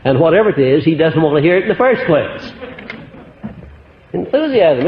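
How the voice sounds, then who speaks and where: American guy giving a pep lecture, highish voice, old muffled tape, big echoey hall. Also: big pitch swings, fairly quick, slight background noise. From United States. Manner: emphatic, swinging pitch and loudness. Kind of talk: motivational lecture. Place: lecture hall with live audience.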